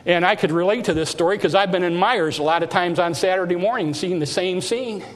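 A man preaches in a church, his voice sitting high for a man. His exhortations rise and press hard, and a long hall reverb trails after every phrase. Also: brisk. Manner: emphatic preaching with rising exhortations. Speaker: pastor. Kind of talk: sermon. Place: church sanctuary.

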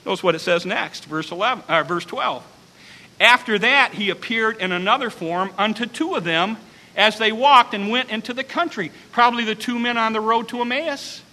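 Pastor preaching emphatically, very high bright voice, long reverb of a church hall. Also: male voice, moderate pace. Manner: emphatic, dramatic repetition, bursts to shouting. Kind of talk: sermon.

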